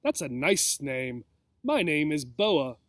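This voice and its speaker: A slow, velvety storybook snake with a smooth, drawn-out way of speaking, as a man reads him aloud. He sounds fairly high and close, with a dry, unechoing sound. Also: big pitch swings, dry recording. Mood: purring. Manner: slow, drawn-out, savoring each word. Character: smooth, velvety, hungry male boa constrictor.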